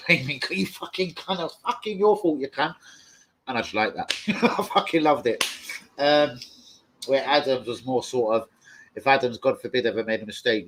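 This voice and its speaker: A man hosting a fan live stream, answering viewer comments in foul-mouthed, rambling, excitable rants. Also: lowish voice, slight background noise, poor audio. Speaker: football fan channel host.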